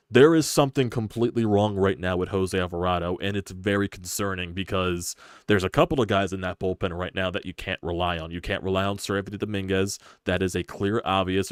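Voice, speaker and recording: A man hosting a live sports stream, ranting in frustration with rapid-fire rhetorical questions and profanity. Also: deep voice, smooth, dry recording, clean studio sound. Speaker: sports channel host.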